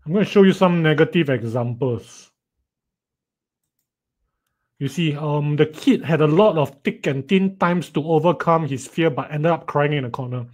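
A man with a slightly high, darkish voice speaks at a normal pace. He's a writing tutor running a live online lesson, reading his students' sentences out loud and playfully teasing them.

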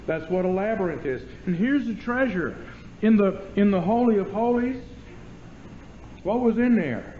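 A man giving an informal theology lecture to an audience, lively and demonstrative, often checking in with questions to his listeners. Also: on the high side, muffled recording, slight background noise.

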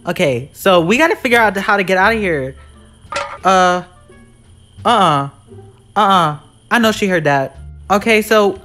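A woman's voice: medium pitch, unhurried, pauses often, soft background music. Jumpy, shrieking woman gamer. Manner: excitable, jumpy, with sudden shrieks and slangy asides. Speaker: gaming YouTuber. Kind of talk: live gameplay commentary.

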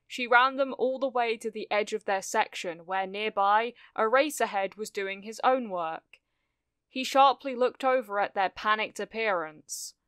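A woman narrates a fan fiction story in a steady, measured reading voice. Her tone is smooth and clear. The recording is close and dry, with no room around it. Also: medium pitch, dry recording. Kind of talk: scripted narration.

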